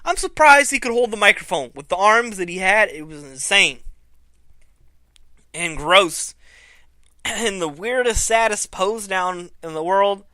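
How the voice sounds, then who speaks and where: A man reviewing wrestling in a loose, profane ramble, acting out the action as he goes. His voice is high for a man and very bright, with an unhurried delivery. The mic is close and dry, with no room sound. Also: no room sound. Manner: profane, animated storytelling. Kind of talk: casual commentary.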